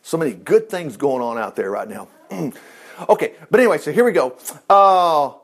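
A middle-aged male pastor delivering a loose, conversational sermon. His voice sits high and leaps around in pitch, full of folksy asides and chuckles. He talks to the congregation like old friends. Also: sing-song, normal speed. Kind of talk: informal sermon.

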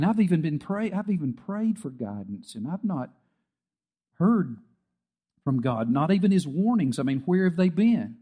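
A man's voice: fairly high pitch, dark tone, husky. A middle-aged man preaching a sermon as pastor, telling stories with acted-out quotes and emphatic peaks.

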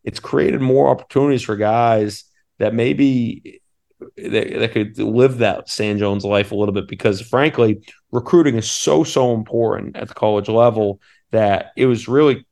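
A man's voice: on the low side, moderate pace, vocal fry, a little mellow. A man in his thirties from Maine, an assistant basketball coach telling an eager, rambling story on a podcast. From Maine, USA. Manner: eager, rambling, many restarts.

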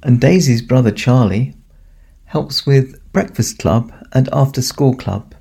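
Man as santa, storybook telling for kids, gravelly, husky, chuckling. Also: medium pitch, unhurried, mellow. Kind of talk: storytelling to children.

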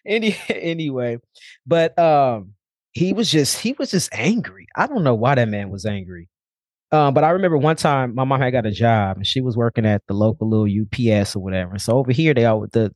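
A man's voice: mid-range voice, no echo, studio quality. Blunt, candid man telling his story. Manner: blunt, casual, swears freely. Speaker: podcast guest.

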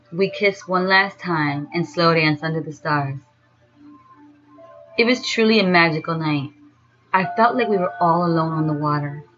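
Slow, dreamy woman narrating a story. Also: lowish voice, fairly bright tone. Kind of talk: first-person story narration. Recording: dull lo-fi sound with faint music.

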